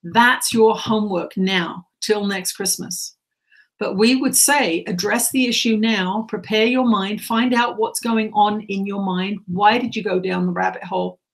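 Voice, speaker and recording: A woman channeling spiritual teachings, speaking in slow, repetitive, earnest instructions. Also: mid-range voice, steady tone, creaky.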